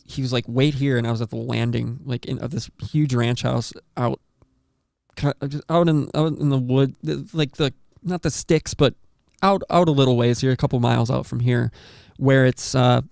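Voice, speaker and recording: A man hosting a podcast, telling a story in a rambling, animated way with lots of swearing and acted-out quotes. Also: mid-range voice, moderate pace, gravelly, clean tone, no echo, studio quality. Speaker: podcast host. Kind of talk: casual storytelling chat.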